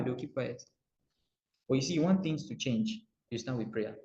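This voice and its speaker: A Nigerian man giving a motivational coaching talk, animated and repetitive, acting out little dialogues as he speaks. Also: mid-range voice, normal speed. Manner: animated, acts out dialogue, repeats phrases. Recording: roomy muffled recording.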